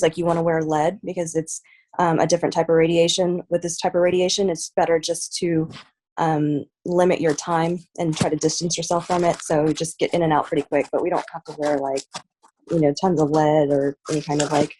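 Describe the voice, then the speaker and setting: A woman from Texas, a fighter, talking casually as a podcast guest, soft-spoken with many "like" and "um" fillers. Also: deep voice. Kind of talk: casual interview chat.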